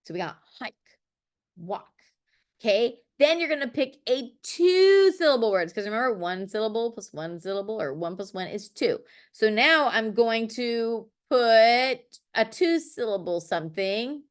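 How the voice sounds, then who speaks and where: This middle-aged teacher speaks on the high side, expressively and a little slowly. Writing as she goes and voicing her thoughts, she runs a poetry lesson like a classroom, warmly encouraging and asking "okay?" again and again.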